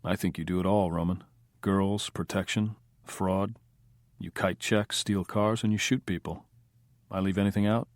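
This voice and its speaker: A man reading an audiobook, voicing a calm, wisecracking tough guy in a dry, even way. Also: low-pitched, moderate pace, no room sound, close to an everyday voice. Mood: cool. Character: cool, unflappable male Hollywood operator.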